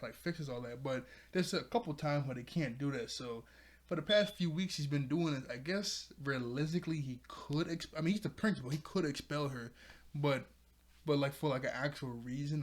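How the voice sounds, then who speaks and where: A man's voice: a little high, moderate pace. A man reviewing a cartoon episode in a casual, rambling video chat, laughing often as he talks.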